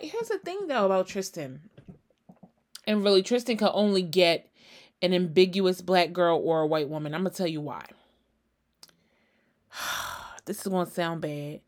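A woman hosts her own casual gossip podcast. She talks solo, blunt and sassy, swearing freely and speaking directly to the people she is talking about. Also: mid-range voice. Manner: sassy, blunt, talks straight at the person discussed. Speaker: podcast host.

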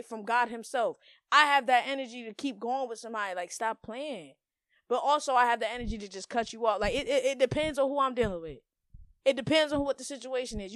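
A woman's voice: fairly high pitch, fairly bright tone, dry recording, clean studio sound. A young woman hosting a podcast, giving blunt, profane, emphatic advice in slangy casual talk. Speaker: podcast host. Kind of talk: casual monologue.

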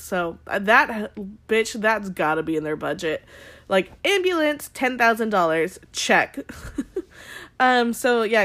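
A young adult woman recapping a show for her viewers in a rambling, candid way, full of "like" and swearing. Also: mid-range voice. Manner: rambling, heavy "like" filler, frequent swearing; addresses viewers directly, candid and opinionated. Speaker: vlogger recapping a TV episode. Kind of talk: casual chatty recap to viewers.

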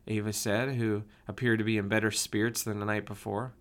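A man narrating a first-person story in a steady, plain way. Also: on the low side, fairly quick. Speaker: audiobook narrator.

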